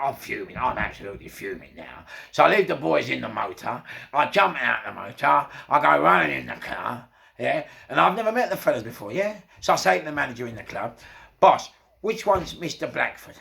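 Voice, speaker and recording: A man's voice: mid-range voice, a little fast. A man with a London accent casually telling a crime story, swearing freely and acting out the quotes. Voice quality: gravelly. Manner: swearing, animated retelling with acted quotes.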